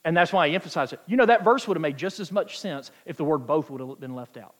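A man preaching a sermon, emphatic and quoting scripture, stretching key words out slowly for weight. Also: on the high side, animated. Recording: long hall reverb.

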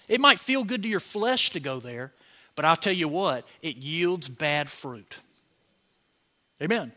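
A pastor preaches with a notably high, bright, ringing voice. He jokes with the congregation and swings from quiet, murmured asides to loud, shouted lines. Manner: animated, joking preacher with swings from soft to shouted. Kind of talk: sermon.

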